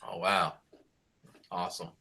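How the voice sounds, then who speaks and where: A man's voice: low voice, little pitch movement, unhurried, pushed and bright. A middle-aged man, a band director on a video call, praising his seniors in an upbeat, rambling way full of fillers. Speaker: high school band director.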